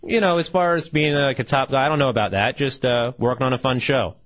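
A young male co-host talking in a relaxed, halting way and pushing back on the others. The audio is dull and lo-fi, like a radio broadcast. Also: mid-range voice. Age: 20s. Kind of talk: casual call-in talk radio banter.

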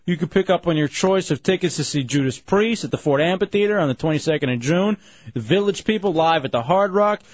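A man hosting a radio show, chatting casually and joking around, quick to rattle off phone numbers. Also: a little high, no echo. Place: radio studio. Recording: slightly muffled broadcast audio.

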